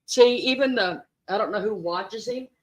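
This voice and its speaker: A woman's voice: mid-range voice, moderate pace. Hesitant woman chatting with friends. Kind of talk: casual chat with friends.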